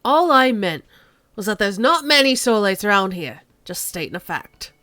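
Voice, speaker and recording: A man's voice: high-pitched, big pitch swings, moderate pace, sharp tone, smooth, no room sound, studio quality, exaggerated voice. A woman voicing a nervous middle-aged man in a game who answers a detective's questions with defensive politeness.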